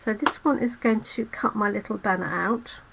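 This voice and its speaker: A woman's voice: mid-range voice, normal speed, gravelly, fairly bright tone, breathy edge, low-quality recording. A woman hosting a live card-making demo, losing her voice, chatting to viewers as she works. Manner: chatty, talks to viewers while working. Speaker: crafting channel host.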